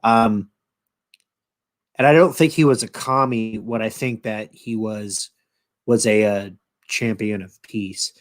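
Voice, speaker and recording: A man's voice: fairly low pitch, steady tone, slow, long pauses. Rambling, swearing male vlogger. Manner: rambling, profane, many fillers. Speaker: channel host. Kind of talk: casual chat retelling a show.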